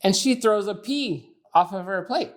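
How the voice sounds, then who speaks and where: A man's voice: high voice, expressive, moderate pace. A man co-hosting a podcast, telling dating stories in casual chat. He swears and laughs through his own stories. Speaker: podcast co-host.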